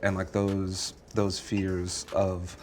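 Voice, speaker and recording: A man from the United States, speaking calmly and thoughtfully in a casual group discussion. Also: sits low, drawn-out words, very noisy.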